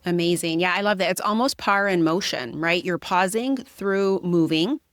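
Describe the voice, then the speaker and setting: Young woman, podcast host, reflective talk, lowish voice, dry sound. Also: normal speed, dry recording. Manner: thoughtful, reflective, talks through ideas at length. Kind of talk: conversational interview.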